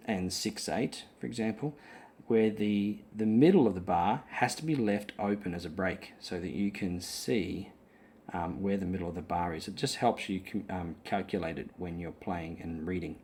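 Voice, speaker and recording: A man's voice: low voice, a little mellow, husky. Patient man explaining rhythm on guitar. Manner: patient, explanatory, with frequent ums; counts and sings the beats aloud. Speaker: guitar teacher. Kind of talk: explaining rhythm in an online lesson.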